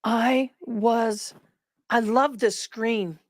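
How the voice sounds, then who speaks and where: A woman's voice: a little high, fairly even intonation, extremely slow, dry recording, studio quality. A tired woman hosting a livestream, chatting casually and rambling with her viewers. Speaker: livestream host. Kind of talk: casual chat with live viewers.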